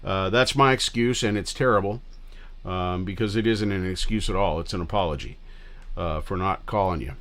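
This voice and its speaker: A man's voice: sits low, normal speed, fairly bright tone. A middle-aged man hosting a livestream, chatting casually with viewers in a rambling, scattered way and swearing freely. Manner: rambling and scattered, loose with profanity. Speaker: livestream host.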